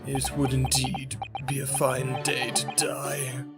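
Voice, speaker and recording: A streamer reading a glum, listless grown man detective aloud from a game, dragging the words out in a low, flat drone. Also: slow pace. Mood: dreary, gloomy. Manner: sluggish, dreary, theatrical. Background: game music.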